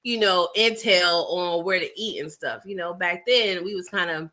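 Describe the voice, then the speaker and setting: Bright-voiced New woman chatting live. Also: lowish voice, moderate pace. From New York City. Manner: chatty and animated, with frequent laughs and asides to the audience; snacking while talking. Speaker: livestream host reading viewer chat. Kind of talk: casual live-stream chat.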